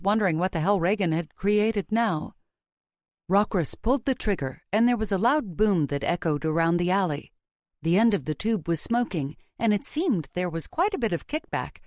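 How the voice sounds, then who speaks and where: Steady woman narrating an audiobook. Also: fairly low pitch, dry recording, studio quality. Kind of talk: first-person scripted narration.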